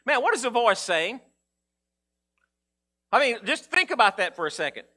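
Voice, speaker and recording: A man preaching a sermon in a casual, conversational way, acting out Bible figures in a low mumble. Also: very animated, moderate pace, sharp tone. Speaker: pastor.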